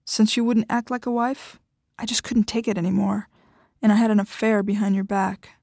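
A heartbroken husband who begs and pleads, his voice cracking, as a woman reads him. The delivery is dry and close, and sits at a middling pitch. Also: fairly even intonation, normal speed, gravelly, dark tone, no echo. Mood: confessing. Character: pleading heartbroken married man.

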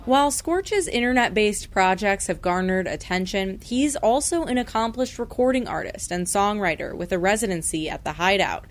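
A woman radio reporter in scripted news narration, clear and measured. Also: mid-range voice, lively intonation, slight background noise.

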